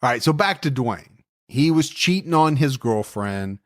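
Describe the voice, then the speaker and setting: In a mid-range, expressive and slightly bright voice, a man co-hosting a true-crime podcast tells the case without hurrying. His storytelling is casual and conversational, peppered with jokes and asides.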